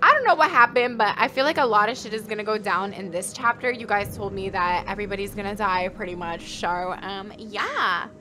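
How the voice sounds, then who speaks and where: A woman's voice: medium pitch, brisk, hardly any pauses, background noise. A young woman doing let's play commentary, crude and jokey, yelping when scared. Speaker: gaming YouTuber. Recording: game music behind.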